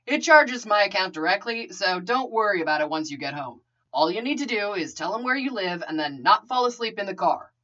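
A woman's voice: mid-range voice, animated, brisk, a bit bright, dull audio. A woman voicing an easygoing young man with a dry, teasing manner.

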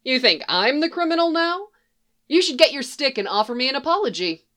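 A woman's voice: expressive, moderate pace. A woman voicing a brash, foul-mouthed, hard-drinking young woman in a raised, mocking voice. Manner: loud, mocking, higher put-on voice.

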